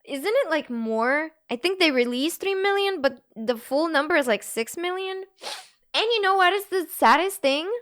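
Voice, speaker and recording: A young woman from Bulgaria, a live streamer, talking to her chat in a halting, earnest and emotional way. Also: extremely high pitch, animated, fairly bright tone.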